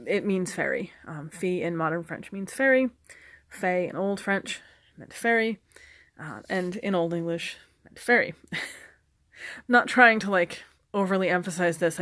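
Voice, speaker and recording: A woman who lectures on folklore gives a casual spoken lesson to camera, chatty and full of ums, self-corrections and dry humor. Her voice is on the low side with a fairly bright tone. It was recorded on a camera mic in a small indoor room with no echo.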